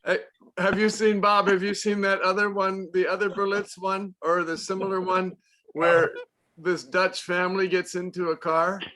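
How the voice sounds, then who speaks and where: A man, a dance teacher, chatting casually on a video call, speaking haltingly with many restarts. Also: high voice, flat delivery, sharp tone, poor audio.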